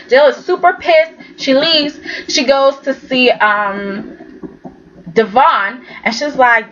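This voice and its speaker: A fairly high-pitched woman talks through a soap opera episode in a relaxed, chatty way. She keeps tagging her sentences with "okay?" as she retells each scene. The sound is dull and lo-fi, with a faint hiss underneath. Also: takes it slowly. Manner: chatty, retells scenes as loose quoted dialogue with many "okay?" tags. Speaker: soap opera recap vlogger. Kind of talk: casual chat recapping an episode.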